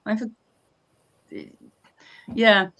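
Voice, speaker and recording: An older woman from England hosting a casual live-stream chat, telling stories in a chatty, animated way with frequent restarts. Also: on the high side, drawn-out words. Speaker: host.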